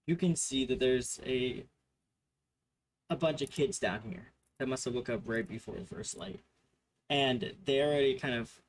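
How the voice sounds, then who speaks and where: Male GM, narration for a tabletop game, hesitant delivery, mid pitch. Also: slight background noise, low-quality recording. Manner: hesitant, many fillers. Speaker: game master.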